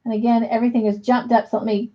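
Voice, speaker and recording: A middle-aged woman races through her casual home livestream, her fairly high voice holding a level tone. She chats and laughs a lot as she reads comments from viewers aloud. The stream's audio is dull and lo-fi.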